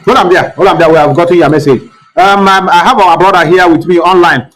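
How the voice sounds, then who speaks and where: A man's voice: high-pitched, steady tone, fast, a bit bright, rough recording. A man hosting a live online talk show, repeating himself and fussing as he tries to reach callers. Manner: repetitive, fussing over technical trouble. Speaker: host.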